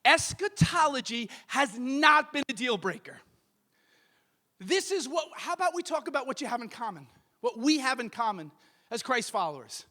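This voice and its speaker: A man preaching a sermon as pastor of a church, emphatic and building to shouted peaks. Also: very high-pitched, sing-song, moderate pace. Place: church sanctuary.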